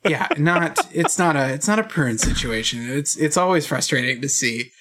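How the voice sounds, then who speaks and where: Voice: medium pitch, normal speed, fairly bright tone. A podcast co-host in casual chat who rambles, searches for words and laughs easily.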